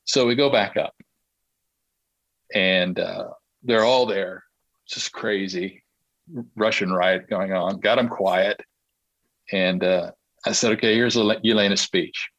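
Lively low-voiced male storyteller. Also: takes it slowly, long pauses, no echo, low-quality recording. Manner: lively storyteller who laughs through his own tale. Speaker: podcast guest. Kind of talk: anecdotal storytelling.

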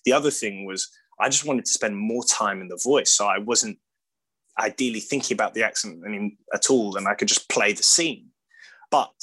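A man's voice: lowish voice, sharp tone, poor audio. An English man being interviewed as an actor, talking in a rambling, casual way with lots of "like", restarts and laughter. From Britain. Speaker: actor guest.

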